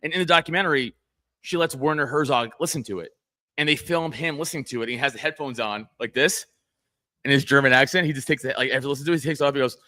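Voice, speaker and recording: A young man co-hosting a podcast, chatting casually and telling stories in an animated, profane way. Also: mid-range voice, quick pace, dry recording, clean studio sound. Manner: animated, profane, tells stories with quoted voices. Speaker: podcast co-host.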